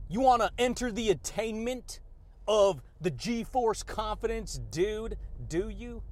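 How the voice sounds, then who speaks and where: A man's voice: sits high, slight background noise. A man hosting a motivational podcast, hyped and slangy, laughing often and calling listeners baby and dude. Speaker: podcast host.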